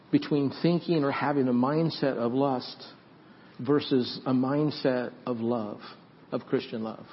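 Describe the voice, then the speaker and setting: A man preaching and then praying aloud, earnest, with halting restarts that grow louder as he prays. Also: medium pitch, slight background noise. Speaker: pastor. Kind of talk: sermon closing into prayer. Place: church sanctuary. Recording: dull lo-fi church recording, faint music.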